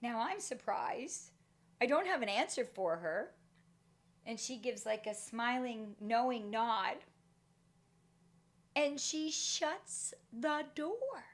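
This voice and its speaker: A middle-aged woman speaks in a fairly high voice, giving a motivational talk. She tells a personal story with energy and acts out the voices of the people in it. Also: very animated, slow, pauses often. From Canada.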